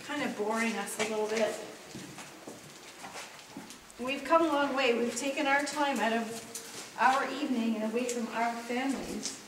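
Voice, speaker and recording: Woman, investigator, earnest pleading tone, far from the mic, echoey room, clear background noise. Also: a little high, fairly even intonation, moderate pace, fairly bright tone. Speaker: paranormal investigator. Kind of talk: calling out to spirits. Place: large empty building at night.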